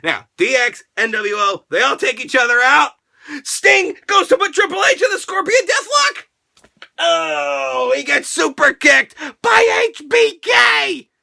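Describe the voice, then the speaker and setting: A man hosting a casual, profane wrestling review, ranting excitably and often shouting. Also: extremely high pitch, measured pace, vocal fry. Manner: excitable, crude, shouting rants. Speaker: host.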